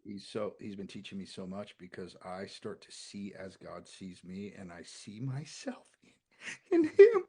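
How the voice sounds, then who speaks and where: A deep, husky-voiced man in his forties talking earnestly as a podcast guest. His talk swings from loud to a near hush when he gets personal. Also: moderate pace. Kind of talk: casual podcast chat.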